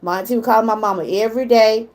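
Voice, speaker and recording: A woman's voice: on the high side, fast, darkish tone. A middle-aged woman with a Southern US accent, chatting casually with viewers on a livestream and getting emotional when she talks about her mother. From Georgia, US. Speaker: livestream host.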